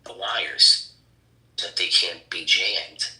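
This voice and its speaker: A man chatting on a casual podcast, excitedly explaining something while fumbling for words and restarting. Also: sits low, slow pace, roomy sound, low-quality recording.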